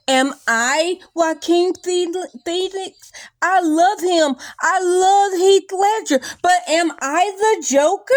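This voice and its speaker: A young adult woman talking through her feelings in a rambling, animated vlog, full of likes and restarts. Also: high-pitched, dry recording. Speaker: vlogger. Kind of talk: casual confessional talk to camera.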